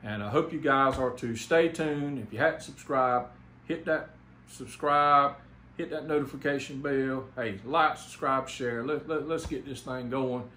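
A man's voice: mid-range voice, a little slow, pushed and bright. A man from South Carolina with a Southern accent, giving a rambling, enthusiastic channel update as a home theater YouTuber, with lots of fillers and restarts. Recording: echoey room, faint background noise.

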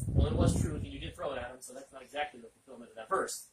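Speaking quickly in a mid-range voice, a man leads an interactive Bible lesson, posing questions and repeating back what listeners say. The recording has heavy noise, room echo, and a far-off microphone.

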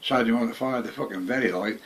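A man's voice: mid-range voice, quick pace, a little hiss or hum. An older man, recalling his war service in casual conversation at home, rambling, repeating himself and swearing freely. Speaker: veteran interviewee. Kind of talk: casual reminiscing.

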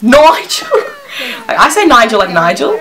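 A woman's voice: mid-range voice, expressive, a little fast, a bit bright. A young woman giving casual, gushing reaction commentary as a vlogger, laughing often. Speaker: beauty and pop culture vlogger.

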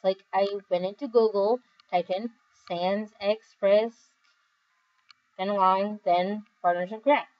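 A tired young woman reading viewer comments in a casual, rambling chat, giggling often and filling pauses with "um" and "like". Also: mid-range voice, fairly even intonation, dull audio. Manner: giggly, rambling, with many fillers. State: overly tired. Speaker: video creator reading comments.

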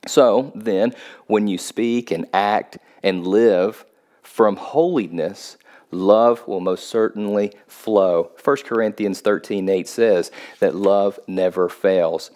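A man's voice: on the low side, takes it slowly, a little mellow. A male pastor giving a short video sermon, emphatic and stressing key words with rising force.

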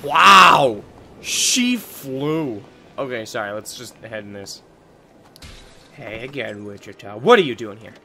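A man chatting excitedly to his viewers while he plays a game, with game sounds and music behind him. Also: fairly low pitch, normal speed, long pauses, a little hiss or hum. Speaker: gaming streamer. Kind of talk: casual let's-play commentary.

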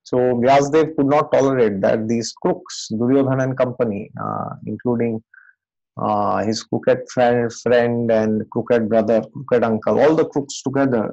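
A man's voice: medium pitch, a little mellow, no echo. A man, a spiritual teacher, retelling scripture as a story in a conversational way, often checking in with "okay?", on a dull lo-fi recording. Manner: conversational, many fillers and "okay?" tags.

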